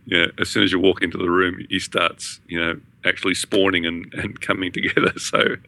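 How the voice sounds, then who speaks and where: A man's voice: low voice, little pitch movement, fairly quick, vocal fry, bright, forceful tone, no room sound. A man co-hosting a gaming podcast, telling raid stories in a laid-back, laughing way. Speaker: podcast co-host, raid leader. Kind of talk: casual chat.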